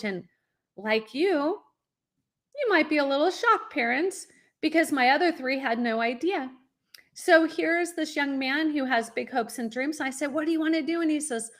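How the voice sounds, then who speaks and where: A middle-aged woman, a college consultant, telling her story in an energetic way and speaking straight to parents as a podcast guest. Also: high voice, moderate pace. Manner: energetic, addresses parents directly.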